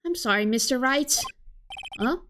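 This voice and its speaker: A woman's voice: high voice, expressive, moderate pace, background noise. A woman voicing an eager, earnest young woman who is keen on science. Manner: bright and eager. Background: game music.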